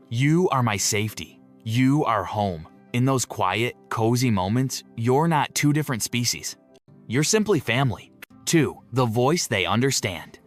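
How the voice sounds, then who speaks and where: A man narrates a script in an even, mid-pitched voice. His delivery is slow and emotive, with dramatic pauses between phrases. Faint music plays underneath. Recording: soft music beneath the voice.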